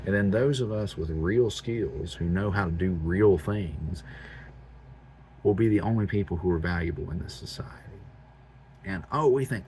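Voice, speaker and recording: Blunt, exasperated low-voiced man ranting. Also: normal speed, darkish tone, slight background noise. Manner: blunt, exasperated, repeats phrases for emphasis. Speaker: homestead channel host. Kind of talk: ranting monologue to camera.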